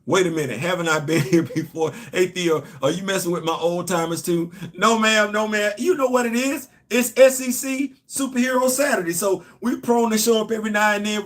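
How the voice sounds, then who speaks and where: This livestream host has a high, slightly bright voice. He talks straight to his audience in a casual setting, stressing his points and saying them again and again.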